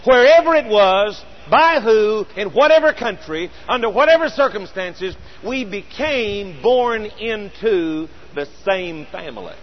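A middle-aged man preaching a sermon, earnest and storytelling, slowing down with emphatic pauses. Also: high voice, lively intonation, dull audio.

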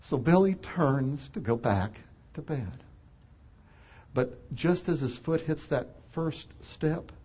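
A man preaching a sermon, an animated storyteller who acts out the voices of characters. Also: on the high side, slightly rough, highs cut off.

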